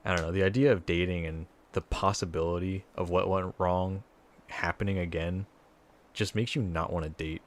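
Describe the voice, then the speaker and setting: A man's voice: deep voice, steady tone, moderate pace. A young man co-hosting a casual podcast chat, joking around, swearing, and laughing often. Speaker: podcast co-host.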